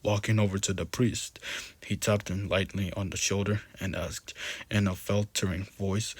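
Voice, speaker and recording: A man's voice: low voice, fairly even intonation, normal speed, no room sound. A man reading a horror story aloud with casual asides, often restarting and correcting himself. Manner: frequent restarts and self-corrections. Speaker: scary story narrator.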